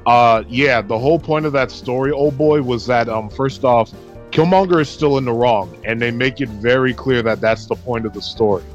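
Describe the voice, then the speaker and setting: Dude calling people out on a podcast, cussing, normal pitch, muffled audio. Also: male voice, moderate pace. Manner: profane, dismissive. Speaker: podcast co-host. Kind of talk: casual chat. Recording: dull lo-fi recording with faint music.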